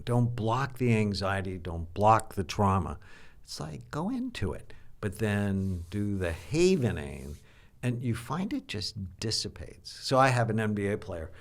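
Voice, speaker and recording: An older man, a psychiatrist, explaining and telling stories in an animated, teacherly way during an interview. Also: on the low side, slow. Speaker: psychiatrist guest. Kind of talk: interview conversation.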